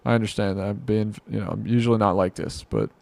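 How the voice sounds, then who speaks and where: A man's voice: fairly low pitch, fairly even intonation, quick pace, creaky, darkish tone, no room sound. A man giving rambling, exasperated reaction commentary, muttering to himself and mocking what he watches. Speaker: commentary vlogger.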